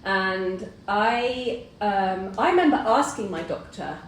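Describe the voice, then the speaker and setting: A woman's voice: medium pitch, slow pace, slight background noise. Middle-aged woman telling a story, roomy sound. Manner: animated storyteller who acts out quoted voices. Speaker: host. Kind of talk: casual chat, personal storytelling. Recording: roomy, distant mic.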